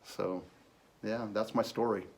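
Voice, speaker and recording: A man in his fifties, telling an earnest personal faith story with lively quoted dialogue. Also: on the low side, a little slow. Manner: earnest, animated when quoting others. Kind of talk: personal testimony.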